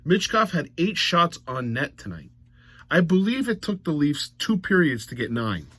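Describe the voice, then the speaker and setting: A man's voice: a little high, sing-song, normal speed, sharp tone, husky. A man recapping a hockey game in a blunt, mocking monologue that rises to exasperated outbursts. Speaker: hockey commentator.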